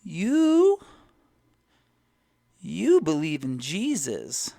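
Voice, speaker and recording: A man's voice: fairly high pitch, huge pitch swings, vocal fry, warm tone, no room sound, clean studio sound, pitched above the performer's own voice, full character voice. A man putting on a quavering old prophesying woman. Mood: prophetic. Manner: slow, quavering, eyes closed. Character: odd seventy-year-old woman giving prophecy.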